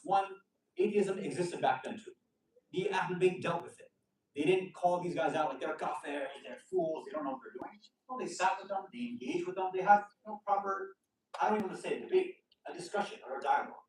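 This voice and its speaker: A man's voice: high-pitched, a little mellow, slight background noise. A man giving a conversational storytelling sermon with casual asides. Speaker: preacher giving a majlis lecture. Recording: echoey hall, voice from a distant mic.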